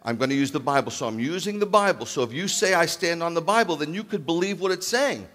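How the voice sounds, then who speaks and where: A man preaching a sermon as a rabbi, animated, acting out loud calls and then dropping to a hushed voice. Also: fairly high pitch, fast talker. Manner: animated, acts out calls and shouts, then drops to near-whisper. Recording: long hall reverb.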